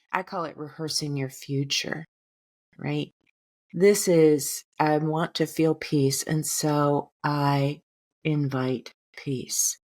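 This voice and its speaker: A woman speaking as a healer on an interview podcast, calm and gentle, at times leading a guided breathing meditation. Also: low-pitched, creaky. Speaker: guest healer and hypnotherapist.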